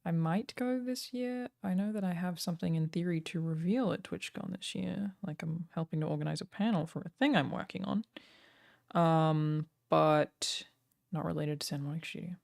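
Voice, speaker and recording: Woman streamer, a little low-pitched, rambling live-chat delivery, loaded with filler words. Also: moderate pace, gravelly, a little mellow. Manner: chatty, full of "like" and "um" fillers. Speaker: streamer and game writer. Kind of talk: casual live-stream chat answering chat questions.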